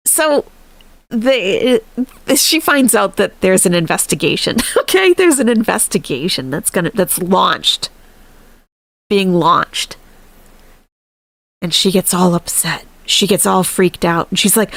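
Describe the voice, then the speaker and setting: A woman's voice: mid-range voice, lively intonation, measured pace, creaky, dry recording. A woman hosting a live stream, chatting casually and animatedly, laughing often and thanking viewers.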